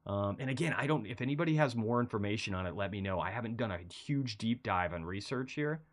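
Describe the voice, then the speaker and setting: A man's voice: on the low side, fast. A man hosting a casual market commentary stream, talking through charts in a rambling, conversational way while feeling a bit unwell. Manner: conversational, rambling, animated bursts of excitement. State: feeling unwell, low energy.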